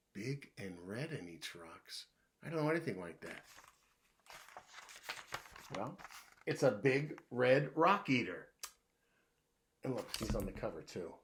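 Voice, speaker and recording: Unhurried, bright-toned man reading riddles to children; playful, answers his own questions, hushes when he plays the guesser. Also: fairly low pitch, a little hiss or hum. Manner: playful, asks riddles then answers them himself; drops to a hushed voice when playing the puzzled guesser. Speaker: children's book reader.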